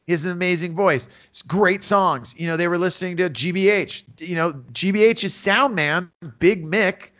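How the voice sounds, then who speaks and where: Rambling man, slightly high voice, lo-fi. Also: moderate pace, few pauses, fairly bright tone. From San Francisco Bay Area. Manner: rambling, full of fillers, acts out quotes. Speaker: guest. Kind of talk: casual storytelling interview. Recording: dull lo-fi audio.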